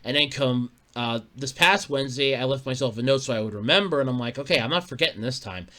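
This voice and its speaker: A man's voice: medium pitch, fast, pushed and bright. A man hosting his own podcast in casual, rambling chat, swearing offhandedly and chuckling between stories. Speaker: podcast host.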